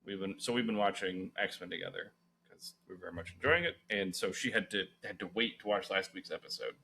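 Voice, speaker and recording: Rambling low-voiced young man. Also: brisk, bright, forceful tone, slight background noise. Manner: rambling, swears a lot, lots of fillers. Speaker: podcast co-host. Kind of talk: casual chat.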